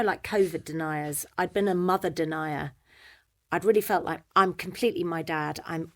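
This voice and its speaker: Middle-aged woman, British accent, fairly low voice, animated storytelling, acts out quoted voices. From Britain. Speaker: guest. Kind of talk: personal storytelling in a conversation.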